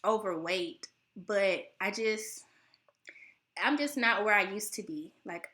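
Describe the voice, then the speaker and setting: A young American woman with a bright voice chats slowly and casually to the camera on her channel. Animated and laughing, she puts on high voices to mimic relatives, and she sounds close to tears.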